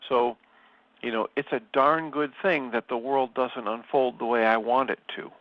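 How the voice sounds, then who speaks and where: A man's voice: medium pitch, steady tone, no echo. A man reads spiritual passages aloud and adds his own reflections, taking his time and weighing each phrase. His voice sits in an ordinary middle register. The recording is close and dry, with a slightly dull, lo-fi tone. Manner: slow, measured and thoughtful. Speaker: study group leader. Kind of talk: reflective reading and commentary.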